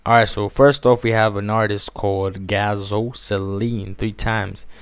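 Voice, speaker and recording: A young man casually chatting in an energetic, slangy way while reacting to music on his vlog, with a lot of repeated phrases. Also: on the low side, a little slow, clean tone. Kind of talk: casual hyped-up vlog chat. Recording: faint music behind.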